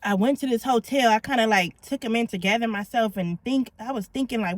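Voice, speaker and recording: A middle-aged woman tells her own story straight to the camera in a blunt, slangy, candid way. Her voice sits a little high, and the sound is dry and close. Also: a little fast, no room sound. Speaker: vlogger. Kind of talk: confessional storytelling.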